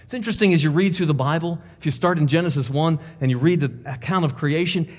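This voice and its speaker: A man's voice: fairly high pitch, fast talker. A man preaching a sermon, building his points one by one with numbered lists and rhetorical questions. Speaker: pastor. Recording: long reverb of a large hall.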